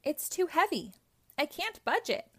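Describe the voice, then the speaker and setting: A woman's voice: sits high, big pitch swings, a little slow, fairly bright tone, pitched above the performer's own voice, full character voice. A woman doing an eager young hedgehog hero. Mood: urgent. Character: super-fast cheerful young hedgehog hero.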